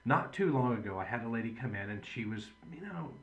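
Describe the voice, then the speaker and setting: A man in the role of a chiropractor talks patients through his ideas in an earnest, chatty way. He tells stories from his practice in a plain, conversational manner, at an ordinary pitch for a man. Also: animated, a little fast, fairly bright tone, dull audio. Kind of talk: patient education video talk.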